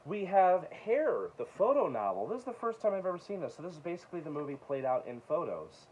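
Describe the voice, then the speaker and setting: A man casually showing his book collection, reading titles aloud with quick offhand asides. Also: fairly high pitch, big pitch swings, a little mellow, dull audio. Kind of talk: casual show-and-tell of books.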